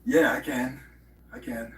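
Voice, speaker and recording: A man's voice: mid-range voice, fairly even intonation, unhurried, a bit bright. A man hosting a live stream, rambling in profane casual chat and slipping into mock impressions. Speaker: livestream host. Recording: roomy, distant from the mic.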